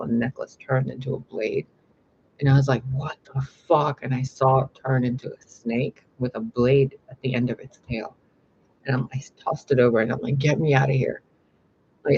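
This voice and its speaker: A man telling a long dream story to his viewers in a rambling, animated way with lots of fillers. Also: slightly rough. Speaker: spiritual vlogger. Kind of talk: casual storytelling to camera. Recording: slightly dull lo-fi with faint rumble.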